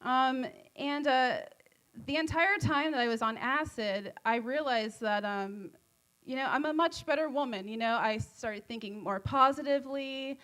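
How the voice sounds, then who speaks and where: Her pace is measured and her voice a bit bright as she performs at a comedy club open mic. High on edibles, she rambles, giggles, and tells self-deprecating jokes.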